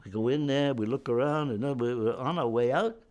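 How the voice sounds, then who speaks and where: A man's voice: mid-range voice, a little fast, darkish tone. A man in his nineties, a war veteran, telling a long story in an interview with many restarts and repeated words. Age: 90s.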